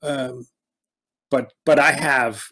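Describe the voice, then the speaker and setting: A middle-aged man, an actor guest in a casual conversation, telling stories in a halting, rambling way full of restarts. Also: medium pitch, steady tone, bright, forceful tone.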